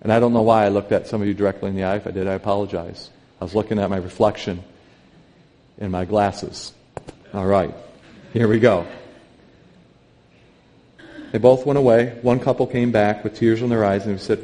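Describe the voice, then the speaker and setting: A middle-aged man, a pastor, preaching a sermon to his church, earnest and emphatic, climbing to loud, high exclamations. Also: fairly even intonation, a little fast. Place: church sanctuary.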